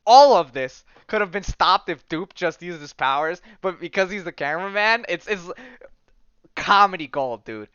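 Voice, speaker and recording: A male podcast host rambles casually through a comics recap, stuffing his speech with "like," "um," and enthusiastic slang such as "dude" and "bro." His voice is high-pitched, expressive, fairly bright, clear and resonant at a moderate pace, with no echo and the highs cut off.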